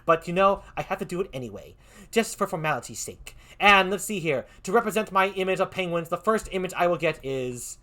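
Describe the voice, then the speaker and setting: A man hosting a livestream, doing playful improv game banter with a hammy, animated manner. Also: high voice, fairly quick. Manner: animated, hammy, laughs often. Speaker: stream host.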